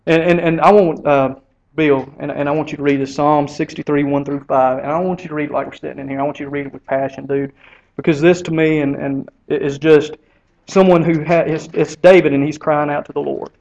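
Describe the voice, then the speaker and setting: A man rattles along at a fast clip in a somewhat high voice. He leads a men's Bible study with casual, earnest exhortation, doubling words as he builds. The recording is dull and lo-fi. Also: steady tone, darkish tone.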